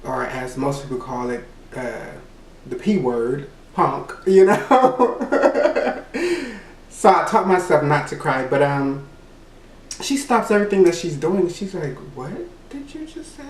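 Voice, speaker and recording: A man's voice: a little high, sing-song, slow pace, a little hiss or hum. A young man from Louisiana, telling a candid personal story and rambling with lots of "you know". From Louisiana, USA. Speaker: vlogger. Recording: roomy echo, mic set far off.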